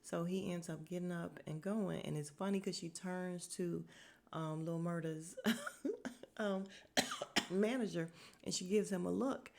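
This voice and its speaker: Gravelly-voiced woman doing a casual recap. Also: lowish voice, measured pace, long pauses, a little mellow. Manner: chatty and frank, with laughs and swearing. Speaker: podcast host.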